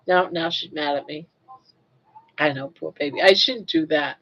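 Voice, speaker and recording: An older woman hosting a casual live chat, chatty and unhurried, who coos at her pet in a doting voice. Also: deep voice, muffled recording. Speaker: livestream host.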